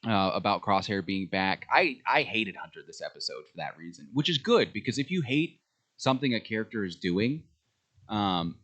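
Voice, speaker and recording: Low-voiced enthusiastic podcast co-host man. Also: sing-song, moderate pace, a bit bright. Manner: enthusiastic fan talk with frequent fillers. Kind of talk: casual chat.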